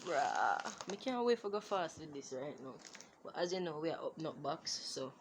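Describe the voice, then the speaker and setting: A woman, unboxing gifts in a casual vlog, excitable and exclaiming, recorded on a phone. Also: low voice, moderate pace. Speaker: vlogger. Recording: phone recording with clear background noise.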